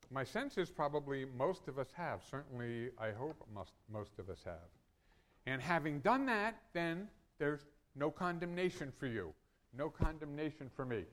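A male pastor preaching a sermon in an earnest way. His loudness and pitch rise and fall widely for emphasis.

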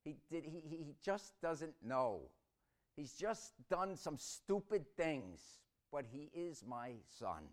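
A man preaching with a fairly high, very lively voice. He retells stories dramatically, dropping to hushed reflection and then rising to loud, shouted lines. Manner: dramatic storytelling delivery. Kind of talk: sermon.

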